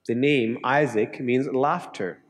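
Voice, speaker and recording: A middle-aged Canadian pastor delivers a sermon earnestly and at a slow pace, his male voice rising into lively storytelling and then dropping to a quiet, low emphasis.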